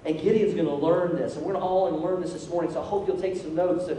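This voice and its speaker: High-voiced pastor preaching in echoey hall. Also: male voice, steady tone, quick pace, mellow. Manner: jokey, acts out voices of the figures. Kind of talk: sermon. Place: church sanctuary. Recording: echoey hall from far off, faint noise.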